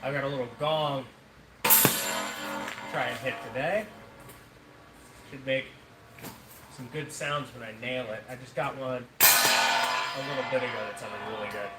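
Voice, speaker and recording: A man's voice: medium pitch, steady tone, measured pace, pauses often, far from the mic, over loud music. A man hosting a casual live stream, chatting and thanking viewers between practice throws. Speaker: livestream host. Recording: echoey room with noise.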